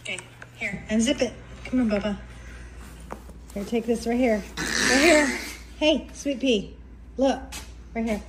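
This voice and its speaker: A woman's voice: fairly high pitch, a little slow, pauses often, noisy background. A mother chatting casually on a family vlog, doting and affectionate toward her son.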